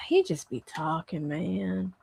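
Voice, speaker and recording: A woman's voice: lowish voice, sing-song, slow pace, gravelly, darkish tone, slightly rough. A woman hosting a livestream, giving blunt, exasperated and profane commentary. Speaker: livestream host. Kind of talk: live commentary.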